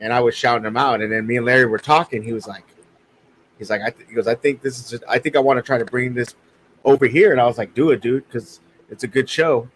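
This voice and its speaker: A man co-hosting a podcast, relaxed and laid-back as he tells a story in casual chat. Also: medium pitch, fast talker, slight background noise, rough recording. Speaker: podcast co-host.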